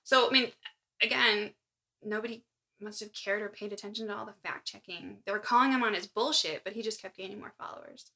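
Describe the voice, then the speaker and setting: Woman, podcast co-host, bright tone, storytelling with wry asides. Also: medium pitch, fairly quick, creaky. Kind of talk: casual chat, reading from notes.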